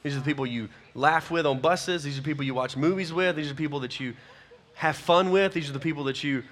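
Youth pastor, man, forceful bright tone, slightly high voice, folksy and exhorting. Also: quick pace. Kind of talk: closing talk to a youth group.

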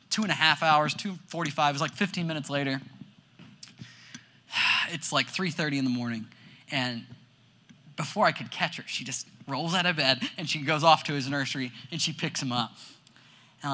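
A young man preaching a casual sermon to a youth group as youth pastor, telling stories in an animated way with lots of "like". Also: mid-range voice. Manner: animated storytelling, heavy use of "like".

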